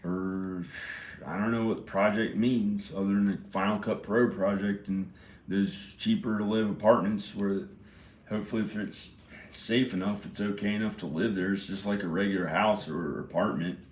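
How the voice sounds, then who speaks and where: A man's voice: lowish voice, fairly even intonation, moderate pace, a little mellow. A man vlogging alone, muttering his rambling thoughts as they come. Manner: muttering to himself, meandering. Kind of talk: rambling solo vlog. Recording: echoey room.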